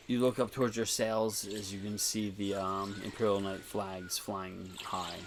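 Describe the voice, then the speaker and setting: Fields: sex, man. Role: game master. Style: rambling second-person narration of a tabletop game. Pitch: low. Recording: noisy home setup. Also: level tone, a little slow, hardly any pauses.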